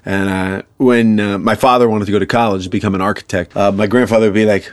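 A man's voice: lowish voice, fairly even intonation, quick pace, hardly any pauses, no echo. A man, an actor and comedian from New York, talking earnestly and reflectively as an interview guest. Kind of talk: interview conversation.

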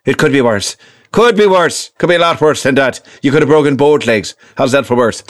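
A man voicing an excitable old grandfather with a Northern Irish accent who keeps raising his voice as he goes on. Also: medium pitch, a little fast, no room sound, studio quality, pitched above the performer's own voice, natural voice. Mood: exasperated. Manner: excitable, escalating.

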